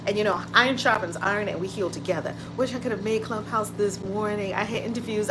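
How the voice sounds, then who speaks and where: A woman's voice: medium pitch, fast, few pauses, over loud music. Effusive woman hosting a livestream. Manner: effusive, greets viewers by name, exclaims. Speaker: livestream host. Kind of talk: casual livestream chat with viewers. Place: home room with window open. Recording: noisy home livestream audio.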